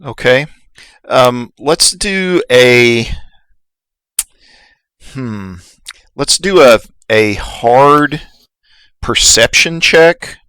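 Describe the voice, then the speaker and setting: A man narrating as game master of a tabletop game, relaxed and halting, with many fillers. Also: medium pitch, clean tone, no room sound, poor audio.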